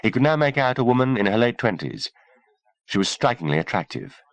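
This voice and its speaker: A man narrating an audiobook in a measured, expressive reading. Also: medium pitch, no room sound.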